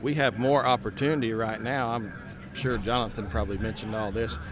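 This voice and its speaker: A man's voice: lowish voice, fairly even intonation, brisk. A company leader in a live podcast conversation, speaking earnestly and often repeating words as he starts a sentence. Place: outdoor trade skills event. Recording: live event with crowd noise. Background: crowd noise.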